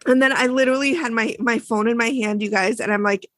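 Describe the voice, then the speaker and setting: A woman co-hosting a podcast, telling a story in a casual, animated way and acting out the people she quotes. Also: fairly high pitch, fast, dry recording. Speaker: podcast co-host. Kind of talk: casual chat.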